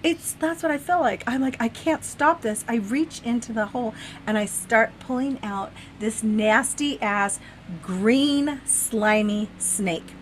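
A woman casually telling a vivid dream story in a chat, animated, swearing freely and laughing as she goes. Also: fairly high pitch, takes it slowly, a little hiss or hum. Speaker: guest sharing a dream.

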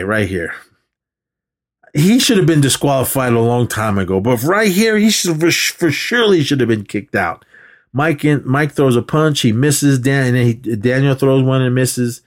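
Animated man recapping a movie. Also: mid-range voice. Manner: animated retelling, acts out lines, laughs often. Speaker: podcast co-host.

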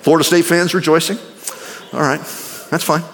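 A male pastor preaching a sermon. He swings between ringing exclamations and hushed, near-whispered passages. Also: fairly high pitch, level tone, normal speed, slight background noise. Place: church sanctuary. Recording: long reverb of a large hall.

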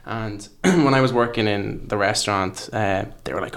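A man's voice: fairly low pitch, normal speed, fairly bright tone. A young man chatting casually about food. He tells stories in a loose, rambling way and laughs often as he goes. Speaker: chef. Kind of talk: casual chat.

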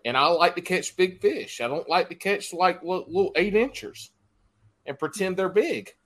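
A man's voice: high-pitched, lively intonation, moderate pace, a bit bright. A man co-hosting a podcast, joking and teasing in casual banter. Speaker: podcast co-host.

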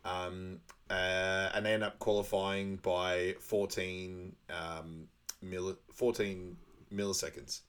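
A man's voice: low-pitched, level tone, slow pace, a bit bright, clear, resonant tone. A man co-hosting a podcast, casually recapping a film, laughing often and acting out quoted lines. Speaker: podcast co-host.

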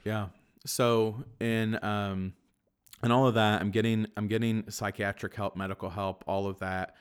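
A young man, a Catholic priest, telling his personal story in a reflective way, with many fillers and soft laughs. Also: fairly low pitch, level tone, unhurried, clean tone. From Kentucky, USA. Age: young adult. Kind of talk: personal testimony in conversation.

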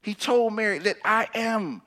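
Bright-voiced preacher with sudden loud bursts. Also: male voice, sits high. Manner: reads scripture slowly, then preaches with sudden loud and hushed turns; casual, emphatic preaching with repeated phrases. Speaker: pastor. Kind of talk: sermon with scripture reading.

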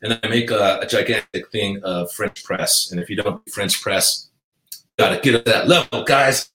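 Laid-back dude in an echoey room. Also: male voice, on the low side, moderate pace, bright, forceful tone. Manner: laid-back, says dude and bro a lot. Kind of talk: casual chat. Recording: roomy echo.

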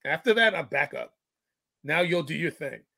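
A man's voice: on the high side, animated, normal speed, vocal fry, sharp tone, no echo. A middle-aged man and father telling a parenting story in casual chat, acting out the quoted lines. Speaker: guest, fitness coach and father.

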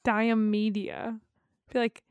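A woman's voice: on the high side, monotone, slow, a little mellow, clean tone, no echo. A woman co-hosting a podcast in casual chat, talkative, laughing often and swearing freely. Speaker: podcast co-host.

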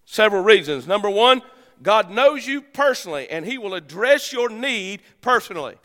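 High, bright-voiced man preaching in a hall. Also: sing-song, moderate pace. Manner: preaching with dramatic swings in pitch and loudness. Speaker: pastor. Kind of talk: sermon. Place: church sanctuary.

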